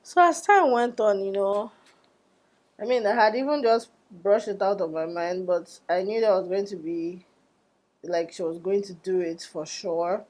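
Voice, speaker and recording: Give me an animated young woman, chatting to her vlog viewers. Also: mid-range voice, unhurried. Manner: animated, exclaiming and laughing, acting out quoted dialogue. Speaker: makeup artist and vlogger. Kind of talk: casual storytelling vlog.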